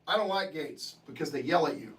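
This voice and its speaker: A male livestream host chats loosely with his viewers, joking, cursing and laughing often. His voice sits fairly high and swings widely in pitch. He sounds a bit distant from the microphone. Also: animated, brisk. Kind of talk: casual chat reading viewer comments.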